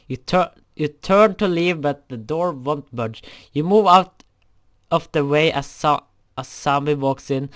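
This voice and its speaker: A man's voice: fairly high pitch, unhurried. A young man reading a fan story aloud, often stumbling over words and correcting himself.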